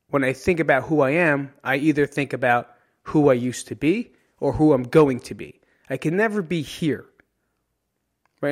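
A man hosting a podcast in a casual monologue, animated and swearing freely as he jumps between tangents. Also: mid-range voice. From New Jersey. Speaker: podcast host.

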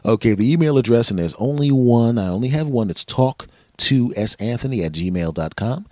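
A man's voice: medium pitch, expressive, normal speed, few pauses, darkish tone, no room sound, clean studio sound. A man hosting his own podcast, telling a rambling comic story in a profane, sarcastic way. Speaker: podcast host. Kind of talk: comedic solo monologue.

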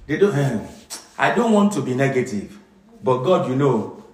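A middle-aged man, preaching an emotional sermon with dramatic swings from loud emphasis to hushed, quiet lines. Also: medium pitch, big pitch swings, normal speed, far from the mic. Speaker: pastor. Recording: echoey room with music behind.

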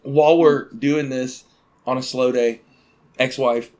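A man telling a story in casual chat, acting out quotes with sudden loud outbursts. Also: mid-range voice, fairly even intonation, takes it slowly.

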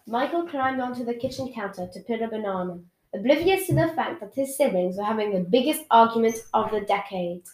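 A woman reading a story aloud with expressive storytelling. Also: a little high, a little fast, hardly any pauses. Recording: echoey room.

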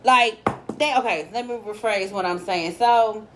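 A woman's voice: mid-range voice, a little slow, a little hiss or hum. A young woman co-hosting a podcast, talking casually and animatedly, laughing and cussing often. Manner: animated, laughing, swearing, restarts sentences. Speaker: podcast co-host. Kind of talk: casual chat.

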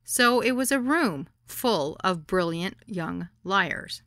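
A woman narrating her own memoir as an audiobook, wry and deadpan. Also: mid-range voice, takes it slowly, no room sound, clean studio sound.

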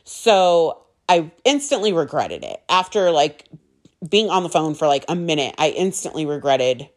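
A woman's voice: deep voice, big pitch swings, moderate pace. A young woman, a mother, telling a personal story in an emotional, emphatic monologue, swearing and repeating herself for stress.

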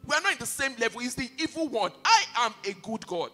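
Impassioned male pastor, sermon delivery, very lively pitch, long hall reverb. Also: quick pace. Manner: impassioned, repeats key phrases for emphasis. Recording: reverberant hall with faint music behind.

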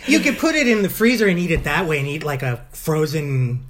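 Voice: mid-range voice, big pitch swings, a little fast. A podcast co-host chatting loosely, with lots of fillers and curious questions. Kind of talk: casual chat.

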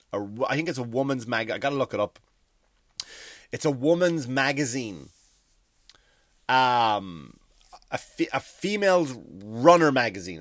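A man in his forties hosts a comedy podcast, telling stories in a loose, rambling way. He swears often and makes fun of himself. His mid-pitched voice sounds close and dry, with no room around it. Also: a bit bright, no room sound. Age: 40s. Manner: rambling, profane, self-deprecating storytelling. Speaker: podcast host. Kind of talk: comedic monologue.

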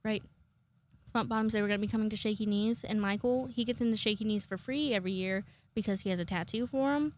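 A woman in her twenties chatting casually to her viewers, rambling and self-mocking, swearing often and jumping into high-pitched acted quotes. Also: quick pace. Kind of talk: casual chat to camera.

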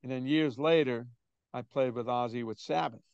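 Older guy with a gravelly voice, chatty storyteller, kinda muffled dry call audio. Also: mid-range voice, moderate pace, darkish tone, dry recording. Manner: chatty, anecdotal, quoting others in put-on voices. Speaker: drummer, interview guest. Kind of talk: relaxed storytelling in an interview.

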